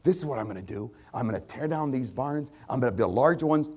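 A man voicing a self-absorbed rich farmer who gloats over plans for bigger barns, in an excited, self-satisfied way. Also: mid-range voice, fast talker, husky. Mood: smug, excited.

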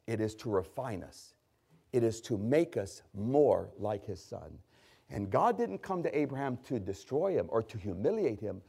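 A man preaching a sermon with emphatic, drawn-out stresses, asking the congregation questions and answering them himself. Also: on the low side, creaky, slightly rough. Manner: lively, emphatic delivery with rising, drawn-out stresses.

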